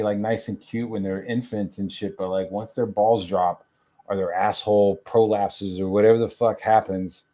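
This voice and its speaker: A man's voice: on the low side, dark tone. Foul-mouthed rambling young man. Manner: crude, rambling, heavy swearing. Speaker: stream guest. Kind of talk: profane ranting stream talk.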